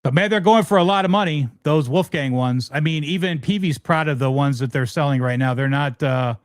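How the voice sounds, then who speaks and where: A man's voice: fairly high pitch, a little fast, no echo. A middle-aged man hosting a casual guitar livestream, talking frankly and rambling, with lots of restarts. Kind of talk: casual livestream chat answering viewers.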